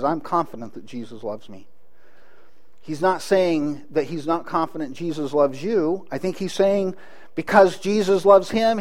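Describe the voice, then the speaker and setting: A man's voice: sits high, darkish tone. A man preaching a sermon, earnest, with frequent restarts and rhetorical questions to the congregation. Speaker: pastor.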